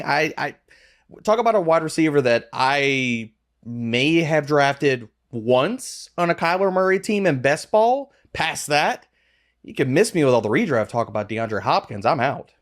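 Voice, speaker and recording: A man's voice: a little high, lively intonation, unhurried. A man co-hosting a podcast, ranting emphatically in casual chat. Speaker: podcast co-host.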